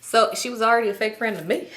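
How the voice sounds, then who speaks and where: A woman casually telling a storytime to viewers, chatty and animated, speaking straight to them and acting out what her friends said. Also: on the high side. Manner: acts out friends' lines in shifting voices. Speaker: storytime YouTuber.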